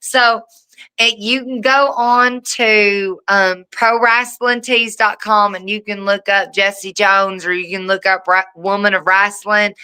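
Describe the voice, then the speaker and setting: A woman's voice: medium pitch, steady tone, slow, sharp tone, clean tone, rough recording. A woman with a Southern US accent, a wrestling guest telling stories in a chatty, self-mocking way, swearing freely. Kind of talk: casual chat.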